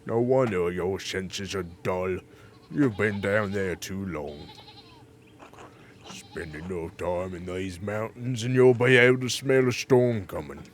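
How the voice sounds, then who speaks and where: A man voicing a blunt older mountain villager in a video game, in a lowered, dry voice. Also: slow pace, slight background noise.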